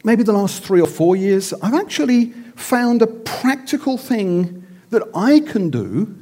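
Man, middle-aged, higher voice, theatrical, self-mocking, sermon-style storytelling. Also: sing-song, unhurried, mellow. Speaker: speaker.

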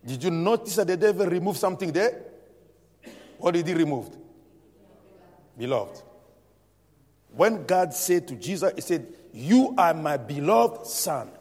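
A man's voice: high voice, lively intonation, measured pace, pauses often, a little mellow. A man preaching a Sunday morning sermon, emphatic and repetitive, punctuating points with "Amen" and leading the congregation in reading together. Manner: emphatic preaching with repeated "Amen" and call-and-response. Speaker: pastor. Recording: long hall reverb.

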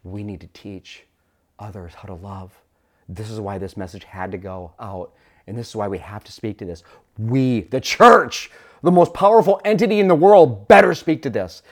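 A man preaching a sermon as pastor, talking through a story and building to impassioned, near-shouted declarations. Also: lowish voice, expressive, moderate pace.

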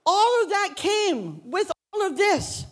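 Animated woman pastor preaching. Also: extremely high pitch, slow pace. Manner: animated storytelling, acts out biblical characters in casual modern speech. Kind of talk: sermon.

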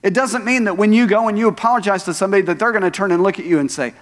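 Male pastor preaching, chatty with the crowd, voice a bit high, echoey church hall. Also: racing. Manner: conversational preaching with asides to the congregation. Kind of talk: sermon. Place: church sanctuary.

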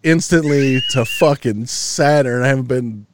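A man's voice: medium pitch, a little slow, a little hiss or hum. A man co-hosting a podcast, telling a long story in casual chat, loose and profane with lots of restarts, sounding tired. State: yawning, tired. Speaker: podcast co-host.

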